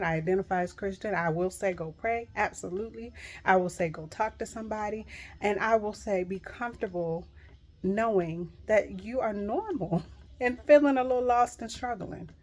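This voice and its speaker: Speaking at a moderate pace in a mid-range voice, a middle-aged woman offers viewers an earnest, emphatic devotional pep talk. As a Christian encourager, she returns again and again to comforting phrases, and it all comes from the heart.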